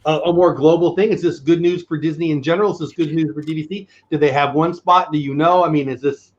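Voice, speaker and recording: A man's voice: a little high, steady tone, fast. Man, livestream host, casual chat, self-deprecating jokes, muffled lo-fi audio. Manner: chatty, joking, self-deprecating.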